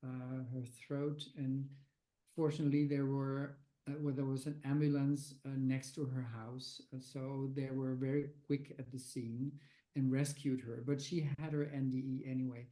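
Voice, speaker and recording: An older man being interviewed as a guest, speaking haltingly with many fillers and restarts. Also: medium pitch, level tone, dark tone, low-quality recording. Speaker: guest researcher of near-death experiences. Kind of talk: conversational interview answers.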